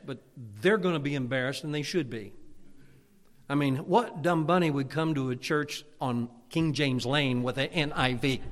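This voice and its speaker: A man preaching a fiery sermon as pastor, loud and emphatic, with stammered restarts. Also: fairly high pitch. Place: church sanctuary. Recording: long church reverb.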